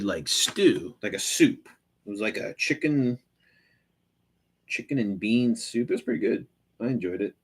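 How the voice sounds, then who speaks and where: A man's voice: fairly low pitch, husky. A man hosting a live stream, chatting casually with viewers in a rambling, profane way full of fillers and restarts.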